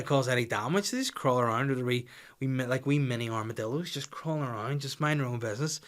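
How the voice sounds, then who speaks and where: Sweary comic telling a story. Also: male voice, mid-range voice, fast. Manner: rambling, sweary and excitable. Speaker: comedian podcast host.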